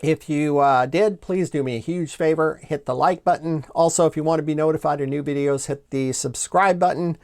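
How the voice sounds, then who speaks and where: A man's voice: fairly high pitch, normal speed, hardly any pauses, a little mellow. A man hosting a Bible study video, explaining passages in a methodical way, reading quotes aloud and repeating his key points. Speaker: Bible teacher and channel host. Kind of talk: scripted Bible study lecture.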